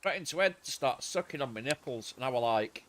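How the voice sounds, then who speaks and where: A man's voice: medium pitch, lively intonation, quick pace, fairly bright tone, a little hiss or hum. A man, streaming a game and rambling crudely in casual chat.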